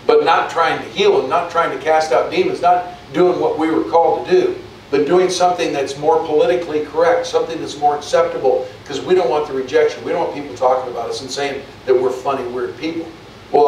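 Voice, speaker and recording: A man's voice: a little high, brisk, darkish tone, heavy reverb, far from the mic, slight background noise, poor audio. A male pastor preaching a sermon in a conversational way, often restarting and repeating words.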